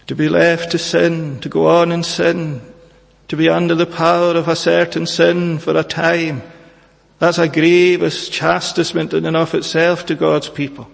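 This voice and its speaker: Male preacher, earnest sermon, gravelly voice, slightly high pitch, reverberant church hall. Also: flat delivery. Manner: earnest, measured pleading with frequent "eh" pauses.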